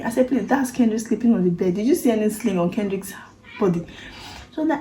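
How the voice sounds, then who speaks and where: A Nigerian woman tells her own story straight to camera, earnest and emotional, with Pidgin turns of phrase. Her voice is mellow and warm. The recording has a noticeable echoey room sound. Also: mid-range voice, fairly quick. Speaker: vlogger.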